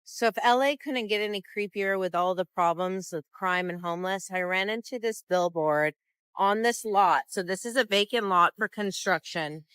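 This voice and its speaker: A woman's voice: mid-range voice, normal speed, a bit bright, clear, resonant tone, no echo, clean studio sound. A woman vlogging her reaction to a sign she came across, sounding creeped out and uneasy. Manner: creeped-out, reading a sign aloud with dread. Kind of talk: casual vlog commentary.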